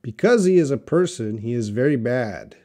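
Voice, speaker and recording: Answering his audience's questions in a live-stream English Q&A, a man speaks in an expressive, mid-range voice with a dark tone. He proceeds slowly and patiently, giving example sentences along the way.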